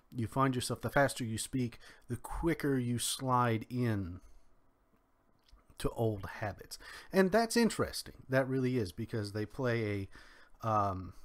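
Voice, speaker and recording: Man, young adult, faint Kentucky twang; unhurried solo commentary, mid-pitched, pausing often. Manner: measured, drawn-out delivery with pauses. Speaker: commentary podcaster.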